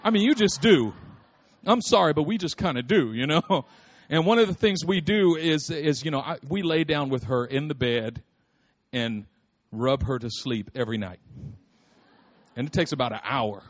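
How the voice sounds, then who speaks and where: A man preaching a lively, humorous sermon, repeating phrases for emphasis and calling out to his listeners. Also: on the high side, normal speed. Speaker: pastor.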